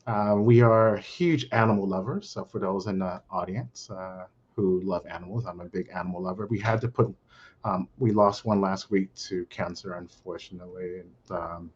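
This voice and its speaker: A middle-aged man from Brooklyn, under the weather, speaking on a panel in a halting way full of fillers. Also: low voice, steady tone, slightly rough, dull audio. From Brooklyn, New York. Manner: halting, many fillers and restarts. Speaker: panel guest, account manager. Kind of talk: casual panel talk.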